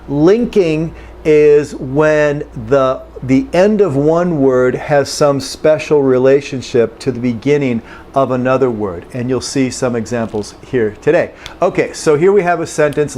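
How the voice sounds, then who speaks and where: A man teaching English pronunciation, patiently saying phrases slowly and then at normal speed. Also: mid-range voice, a little mellow, a little hiss or hum. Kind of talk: pronunciation lesson.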